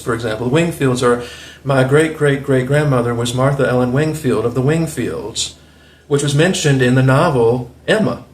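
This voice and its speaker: A man in his forties with a Southern US accent, hosting a rambling, opinionated monologue with chuckling asides. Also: medium pitch. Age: 40s. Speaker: video host. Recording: roomy echo.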